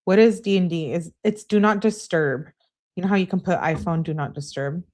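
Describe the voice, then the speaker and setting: A woman's voice: fairly quick, darkish tone. A woman live-streaming, reading text messages aloud with heated emphasis and dropping to dry asides to comment and answer her chat. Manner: reads texts in a raised, heated voice and comments in a lower, dry aside; talks back to chat viewers. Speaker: true crime live streamer.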